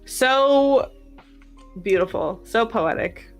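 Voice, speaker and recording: A woman's voice: on the high side, lively intonation, drawn-out words, soft background music. A woman co-hosting a casual podcast discussion, talking enthusiastically with lots of fillers. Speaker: podcast co-host.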